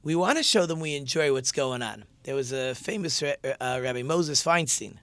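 A man's voice: medium pitch, animated, normal speed, fairly bright tone, no room sound. A male teacher giving a conversational religious lesson and posing rhetorical questions to his listeners.

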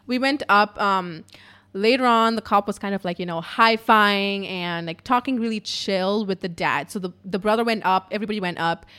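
A young woman telling a story in a casual, profane, animated way at home in her apartment. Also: mid-range voice, normal speed, smooth.

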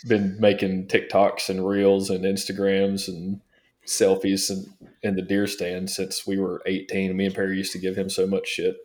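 A man co-hosting a podcast, chatting in a relaxed, joking way. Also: low-pitched, normal speed. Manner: relaxed, joking, says dude and man a lot. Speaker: podcast co-host. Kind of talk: casual chat.

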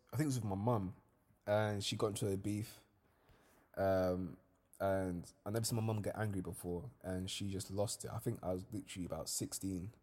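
Young man telling stories. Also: on the low side. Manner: casual slangy storytelling, lively when reliving events. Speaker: podcast host. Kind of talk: solo podcast monologue.

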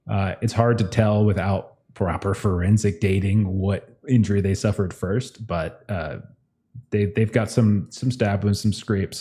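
A male game master narrating a tabletop session in a relaxed, improvising way, often chuckling. His voice is low and mellow.

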